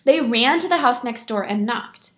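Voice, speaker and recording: A woman reading a picture book aloud to children like a teacher, pausing to explain words. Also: fairly high pitch, animated. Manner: explains words to young listeners. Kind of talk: read-aloud storytelling for children.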